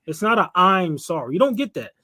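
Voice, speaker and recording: A man from California in a casual podcast discussion, animated, blunt and opinionated, laughing often. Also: high voice, a little fast. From California, United States.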